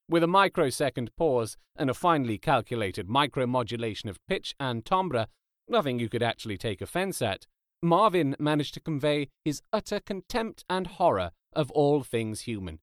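A man's voice: mid-range voice, sing-song, normal speed, dry recording. A man narrating an audiobook in a dry, wry storytelling manner.

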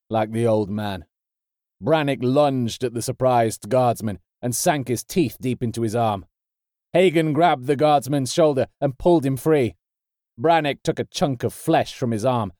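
Man, audiobook narrator, measured and steady, mid pitch, dry close recording. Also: no room sound.

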